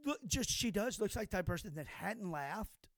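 A man's voice: high-pitched, expressive, moderate pace, no room sound, studio quality. An older man co-hosting a podcast, telling stories in a rambling, profane way with many restarts. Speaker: podcast co-host. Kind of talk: casual chat.

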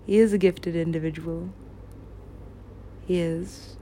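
Casual chat: woman, low-ish voice, rambles and swears a lot. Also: fairly even intonation, slow, mellow. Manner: profane, rambling.

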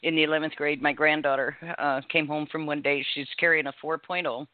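A woman's voice: deep voice, flat delivery, a little fast, no room sound. Indignant older woman on a phone line. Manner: indignant, emphatic storyteller. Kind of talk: casual phone talk. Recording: tinny dry phone line.

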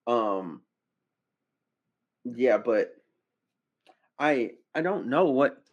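A man hosting a casual commentary podcast, talking in a slangy way with incredulous, animated outbursts. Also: medium pitch, drawn-out words, muffled recording. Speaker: podcast host.

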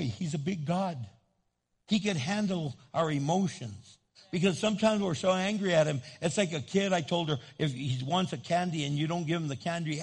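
A man's voice: fairly high pitch, moderate pace, a little mellow. A man preaching a sermon as pastor, telling stories in a conversational way and building to fervent emphasis.

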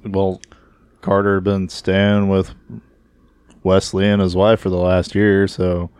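A man's voice: low voice, monotone, slow pace, a little mellow, smooth, dry recording. A man chiming in on a casual wrestling podcast with matter-of-fact remarks. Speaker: podcast co-host. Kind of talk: casual chat.

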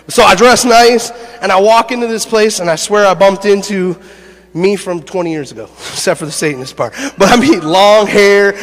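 A man preaching a sermon, an animated storyteller who laughs through his stories and builds to shouted preaching. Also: high-pitched, in a large hall. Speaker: pastor. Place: church sanctuary.

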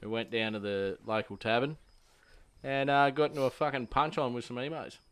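A man's voice: mid-range voice, steady tone, fairly quick, smooth. A young Australian man telling a rowdy pub story in casual chat, swearing heavily and acting out the lines he quotes. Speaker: podcast host.

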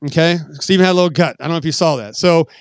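A middle-aged man who is a podcast guest, telling casual stories full of swearing and acting out the dialogue with animated energy. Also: fairly high pitch, very fast, clean tone, dry recording. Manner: profane, animated anecdote-telling that acts out quoted dialogue. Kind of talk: casual storytelling.

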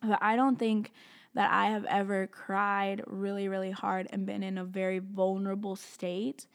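A young woman telling a personal story, halting and candid, with many fillers and restarts as she talks openly about her feelings. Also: mid-range voice, little pitch movement. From outside the US.

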